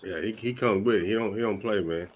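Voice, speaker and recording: A man's voice: lowish voice, fast. A man hosting a casual interview, laid-back and affirming in his slang. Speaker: podcast host.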